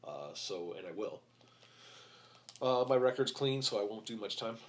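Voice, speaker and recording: A middle-aged man speaking candidly as a podcast guest, halting with many fillers and restarts, blunt and a little profane. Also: on the low side, lively intonation, background noise. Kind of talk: candid interview talk.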